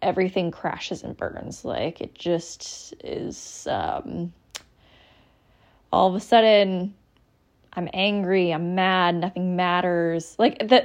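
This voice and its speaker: Her voice is on the low side and a little mellow. She's a young adult hosting a solo podcast, and her candid monologue rambles along with frequent ums and restarts.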